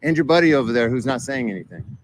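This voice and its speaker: A man's voice: medium pitch, fast talker, a little hiss or hum. Confrontational man lecturing officers. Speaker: auditor in a played clip.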